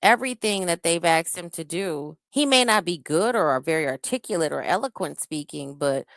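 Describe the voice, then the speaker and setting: A woman's voice: fairly low pitch, expressive, moderate pace, a bit bright, dry recording, studio quality. A woman hosting a live-stream reaction, talking casually and bluntly, cussing and greeting viewers in the chat.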